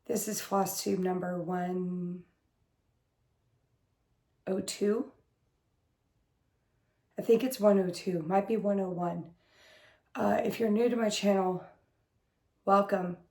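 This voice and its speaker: A hoarse woman getting over an illness, with a smoky, husky voice, chatting casually as host of her cross-stitch video in her craft room. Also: medium pitch, steady tone, takes it slowly, pauses often, dark tone, echoey room. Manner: rambling, chatty, full of fillers. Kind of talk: casual chat to camera.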